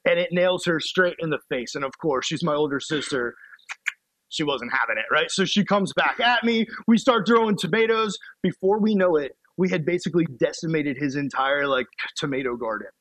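A man's voice: a little high, moderate pace, no echo, rough recording. A young man, telling a playful story as a youth pastor's sermon. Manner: animated, playful storytelling with laughs.

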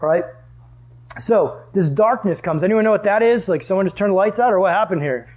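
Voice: mid-range voice, a little fast, darkish tone. A Bible teacher leading a lesson for a group. They talk in a casual, conversational way and ask the listeners questions.

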